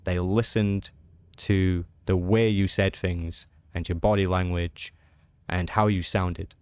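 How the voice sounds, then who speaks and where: A man's voice: low voice, flat delivery, slow, darkish tone, clear, resonant tone, no echo. An English man streaming a game, chatting casually and answering his chat aloud in an easygoing way.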